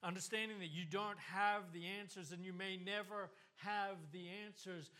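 A man's voice: sits high, fairly even intonation, moderate pace, bright, forceful tone. A man preaching a sermon, passionate and earnest, with the voice rising and falling. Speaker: pastor.

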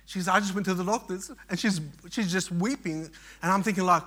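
A man's voice: high voice, fairly even intonation, fairly quick, sharp tone. A middle-aged man pastor preaching, telling a personal story with frequent restarts and fillers. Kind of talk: sermon.

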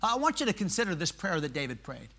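A male pastor preaching a sermon in church, swinging from shouted swells to hushed, quiet lines. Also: high-pitched, sing-song, fast, vocal fry.

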